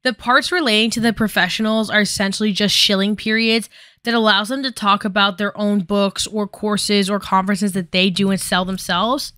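A woman's voice: medium pitch, steady tone, moderate pace, pushed and bright, clear, resonant tone, no echo. A young woman giving casual, sarcastic commentary for a video essay, swearing and joking. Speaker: YouTube commentator.

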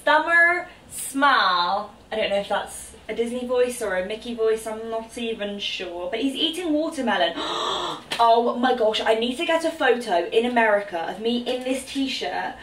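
A bubbly, chatty woman, her voice pitched a little high as she exclaims over clothes in a try-on haul. She sits back from the camera in a room at home, so she sounds roomy and a touch distant. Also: expressive, normal speed, hardly any pauses, a little hiss or hum. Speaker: fashion vlogger.

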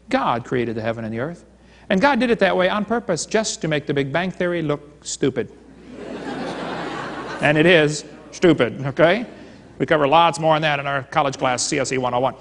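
Joking man lecturing in a reverberant hall. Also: a little high. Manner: joking storyteller, retelling dialogues. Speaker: creationist seminar speaker. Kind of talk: live seminar lecture.

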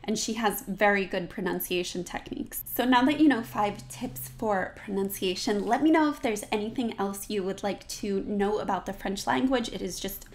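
A woman's voice: medium pitch, normal speed, few pauses. A woman teaching singing diction, speaking patiently and modelling each word for the viewer to repeat. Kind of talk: diction lesson.

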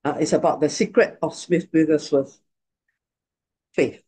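A pastor speaking plainly and haltingly to a class before playing a video. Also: mid-range voice, dark tone, breathy edge. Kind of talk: casual talk to a congregation.

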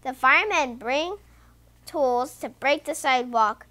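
A woman reading a children's picture book aloud in an expressive, sing-song storytelling voice. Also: high voice, unhurried.

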